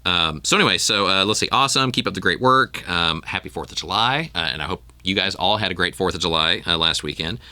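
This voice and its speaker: A man's voice: low-pitched, fast talker, few pauses, sharp tone, dry recording. A man hosting a podcast in casual chat, rambling with frequent ums and restarts. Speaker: podcast host.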